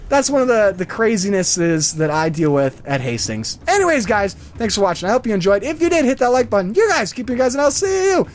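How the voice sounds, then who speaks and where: Animated rambling man telling stories. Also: high-pitched, brisk, hardly any pauses. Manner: rambling, animated storytelling with many fillers. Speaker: gaming channel host. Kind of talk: casual commentary over gameplay.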